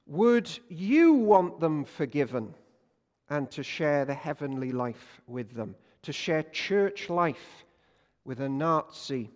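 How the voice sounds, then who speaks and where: A man preaches a sermon in a high voice, animated and joking as he keeps asking his listeners questions. His words ring out with the long reverb of a church hall. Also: slow. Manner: animated, jokey, asks the congregation questions. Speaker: pastor.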